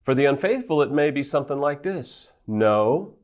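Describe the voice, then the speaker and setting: A man's voice: a little high, fairly quick, a little mellow. A man giving an earnest teaching talk as a recovery counselor, stressing his points in lists. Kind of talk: teaching monologue.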